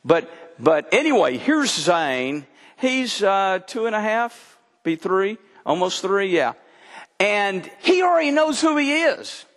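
An older pastor preaches slowly and deliberately, in a voice that climbs high and swoops widely as he drives his points home. He leans into folksy stories. His words ring out with a long reverb, as in a large hall. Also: big pitch swings, fairly bright tone. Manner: folksy storytelling preacher, voice rising and dropping for emphasis. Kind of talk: sermon.

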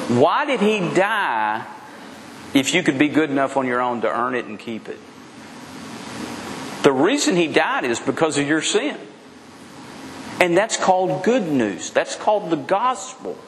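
Man preaching in a reverberant church. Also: a bit bright. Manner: preaching with rhetorical questions and wide swings in pitch. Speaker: pastor. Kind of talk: sermon. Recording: long hall reverb with faint noise.

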